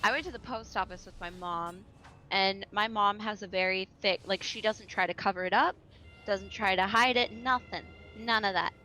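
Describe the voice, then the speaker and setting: Bright-voiced chatty young woman from the South. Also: medium pitch, moderate pace, soft background music. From American South. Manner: chatty, giggly, storytelling. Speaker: streamer. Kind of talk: casual chat while gaming.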